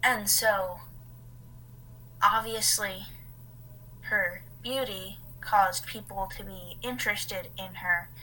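A woman with a bright, clear tone co-hosts a casual podcast. She rambles through a story from her notes and breaks off for offhand asides. Her pitch sits at an ordinary middle height. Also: steady tone, slow, pauses often, a little hiss or hum, rough recording. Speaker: podcast co-host.

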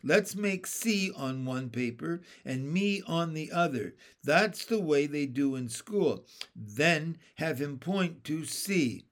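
A man reading the lines of a quiet, thoughtful younger sister in a storybook. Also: fairly high pitch, animated, slow. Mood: gentle.

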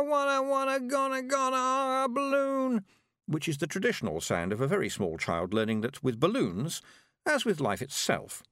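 A man reading a storybook aloud as narrator, expressive. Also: on the low side, no room sound, studio quality. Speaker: audiobook narrator. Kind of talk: scripted narration.

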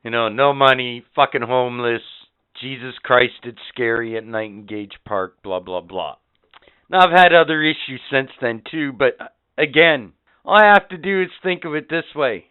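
Man, podcast host, profane rambling talk, smooth voice, tinny phone-like sound. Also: mid-range voice, normal speed. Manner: profane, rambling, swings loud and quiet. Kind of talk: casual podcast chat. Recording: phone-like lo-fi audio.

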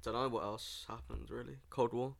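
A man's voice: mid-range voice, fairly even intonation, moderate pace, vocal fry. A young man co-hosting a casual podcast, laid-back and crude, swearing freely. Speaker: podcast co-host. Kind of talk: casual joking podcast chat.

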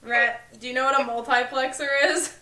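A woman's voice: high-pitched, steady tone, a little fast, pushed and bright. A young woman chatting casually on a podcast, teasing and playful. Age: young adult. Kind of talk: casual chat. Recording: echoey room.

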